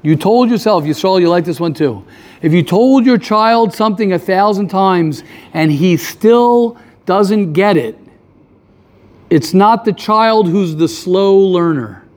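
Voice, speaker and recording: A man teaching a casual class, animated, firing rhetorical questions and repeating his points. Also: high voice, slow. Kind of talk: casual lively classroom talk.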